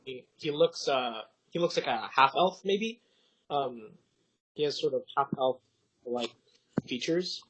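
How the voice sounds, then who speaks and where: A man's voice: medium pitch, lively intonation, a little slow, long pauses, a little hiss or hum, rough recording. A young man narrating as game master, hesitant and full of fillers, swearing casually as he improvises.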